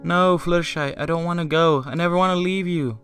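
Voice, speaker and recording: A man reading the lines of a young male dragon, shouting and eager. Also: a little high, fairly even intonation, fairly quick, clean tone, soft background music, pitched above the performer's own voice. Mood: upset. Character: young male baby dragon, clingy and excited.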